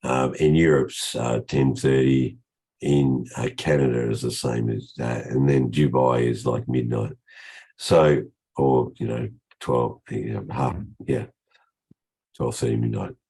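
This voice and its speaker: An older man hosts a trading session over a video call, his voice extremely deep and low. A cold leaves it croaky and husky, and he talks in a loose, rambling way with lots of restarts. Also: fairly even intonation, measured pace, mellow. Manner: rambling, restarts often, chatty. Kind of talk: casual live trading session talk.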